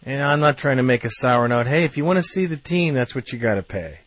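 A man's voice: mid-range voice, lively intonation, a little fast, a bit bright, no room sound. Heated, swearing man ranting. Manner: blunt, swears, gets heated. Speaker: fan commentator. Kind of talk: ranting video commentary.

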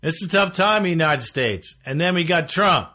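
Man, call-in show host, blunt fired-up fan talk, bright forceful tone, slightly high voice. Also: lively intonation, moderate pace.

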